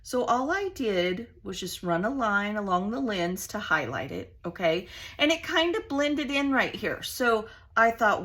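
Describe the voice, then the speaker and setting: Bubbly, bright-voiced crafting woman. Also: mid-range voice, sing-song, measured pace. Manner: bubbly, chatty, gushing. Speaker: crafting channel host. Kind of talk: casual craft tutorial.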